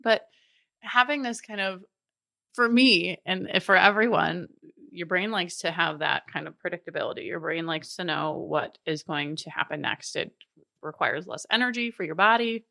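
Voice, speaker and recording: A low-pitched woman in her thirties talks through a solo coaching podcast in an earnest, encouraging way, laughing now and then. Her voice sits deep for a woman, recorded close and dry with no room sound. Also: moderate pace, creaky, bright, forceful tone, no room sound. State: briefly emotional.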